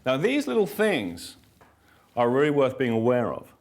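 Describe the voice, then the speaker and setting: A male therapist and trainer speaking to a workshop room with blunt emphasis. He drives points home by repeating them and tells stories with a wry, self-mocking edge. His pitch sits in a middling male range. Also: huge pitch swings, moderate pace. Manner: wry storytelling with dry self-mockery. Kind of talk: live workshop lecture to trainees.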